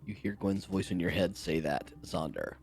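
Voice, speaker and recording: A man running a tabletop game as game master, narrating in a relaxed way with many fillers. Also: deep voice, normal speed, soft background music. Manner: relaxed, with fillers and short acknowledgements.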